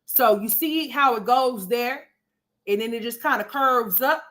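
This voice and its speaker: A woman's voice: on the high side, measured pace, fairly bright tone. A woman hosting a gossip commentary livestream, brash and profane, rambling and talking straight to her viewers. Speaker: commentary host.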